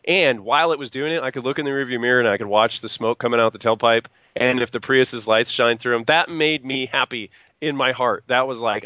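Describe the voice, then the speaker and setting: A man's voice: medium pitch, brisk, hardly any pauses, pushed and bright, no echo. A man chatting casually as a guest, rambling through stories and acting out what people said. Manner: rambling storyteller acting out quotes. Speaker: guest truck builder. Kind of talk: casual chat.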